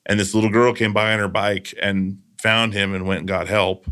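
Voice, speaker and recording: A man with a lowish voice hosts a casual podcast chat. He tells stories earnestly and drifts into loose asides. The sound is a close studio microphone. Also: flat delivery, normal speed, sharp tone, smooth. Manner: storytelling, earnest, trailing asides. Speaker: podcast host.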